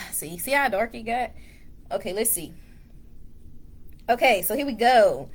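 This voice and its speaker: A woman's voice: fairly high pitch, lively intonation, a little slow, a little hiss or hum. A woman from Dallas with a Texas accent, chatting laid-back in a casual vlog, recorded on a phone camera in a dim room at home. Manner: laid-back, chatty, addresses viewers as y'all. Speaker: vlogger. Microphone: phone camera on a tripod.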